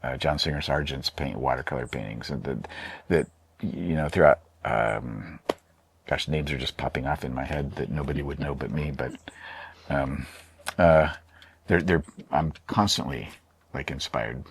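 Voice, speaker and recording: A man's voice: very deep voice, moderate pace, creaky, slight background noise. A man, an artist being interviewed, talking casually in a rambling, hesitant way with many fillers and restarts. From Oregon, USA. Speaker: artist and painter.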